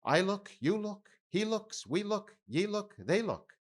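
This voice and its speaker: A man voicing a crazed young cabin boy who chants in a wildly swinging, high singsong. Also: very animated, slow. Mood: chanting.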